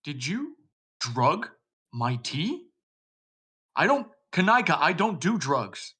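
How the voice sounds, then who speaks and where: A man's voice: on the high side, big pitch swings, takes it slowly, pushed and bright, slightly rough, pitched above the performer's own voice, heavily acted. A man voicing his own tabletop character, an earnest young man who speaks hesitantly. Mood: bewildered.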